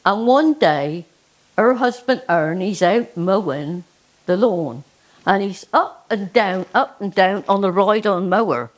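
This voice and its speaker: A woman with a Cornish accent telling a comic dialect tale in a slow, folksy, deliberate way. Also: medium pitch, animated. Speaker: dialect storyteller. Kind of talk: live comic storytelling.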